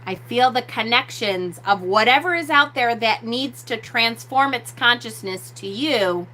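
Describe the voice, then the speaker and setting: Slow, bright-voiced woman host. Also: a little high, animated, a little hiss or hum. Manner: slow, drawn-out, repeats key words. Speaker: host of a witchcraft channel. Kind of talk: live-stream teaching, answering chat.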